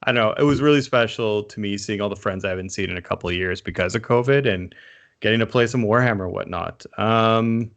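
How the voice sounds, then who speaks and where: A man from Canada co-hosting a casual podcast, animated, swearing freely and laughing often. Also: lowish voice, fast. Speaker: podcast co-host.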